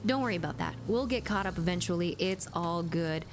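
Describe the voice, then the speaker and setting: Her voice sits on the low side and moves fairly quickly, with soft music playing in the background. The woman is casually streaming a game from a closed-door room at home, bantering playfully with her chat over a streaming mic run through a compressor.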